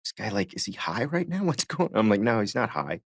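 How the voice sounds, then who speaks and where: Animated man co-hosting a podcast. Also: fairly low pitch, fast, slightly rough, no echo, clean studio sound. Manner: animated storyteller, acts out quotes. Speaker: podcast co-host. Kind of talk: casual chat.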